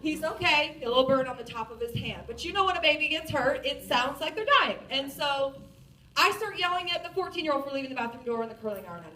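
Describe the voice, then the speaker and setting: High bright-voiced woman telling a funny story to a crowd, sounds kinda far off in a roomy hall. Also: a little fast. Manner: animated, self-mocking storytelling. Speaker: speaker. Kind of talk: storytelling talk to an audience. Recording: roomy, distant from the mic.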